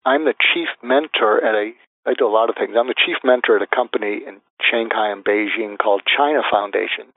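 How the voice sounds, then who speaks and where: A man being interviewed as a guest expert, calmly laying out a method step by step and acting out example phrases. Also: lowish voice, brisk, few pauses, no room sound. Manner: methodical, lists numbered steps, acts out example phrases. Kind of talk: interview answers, explaining step by step. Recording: tinny phone-like line, dry.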